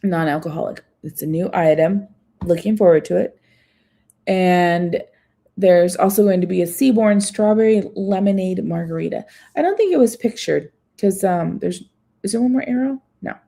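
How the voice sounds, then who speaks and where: A woman chats her way through a festival food menu on a live stream. She reads items aloud and breaks off for little asides. Her voice is mellow and warm. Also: lowish voice, moderate pace, vocal fry. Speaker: food vlogger.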